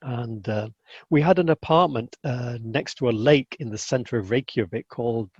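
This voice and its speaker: A mid-range male voice with a breathy edge, at normal speed, comes through a dull, lo-fi, dry recording with no room sound. As an interview guest telling casual stories, he's animated, acts out the people he quotes, and keeps restarting sentences.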